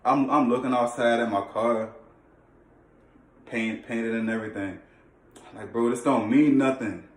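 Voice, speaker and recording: A man's voice: mid-range voice, fairly even intonation, measured pace. A man casually telling a personal faith testimony, earnest and slangy, often repeating and restarting his phrases. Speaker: vlogger sharing a faith testimony. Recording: echoey room, distant mic.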